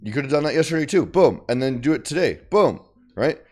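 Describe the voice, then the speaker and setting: A man streaming live and chatting casually about his trades, calling viewers bro and swinging from mumbles to loud bursts. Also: mid-range voice, lively intonation, a little fast, soft background music. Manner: loose and slangy, calls viewers bro and boys. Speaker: trading streamer.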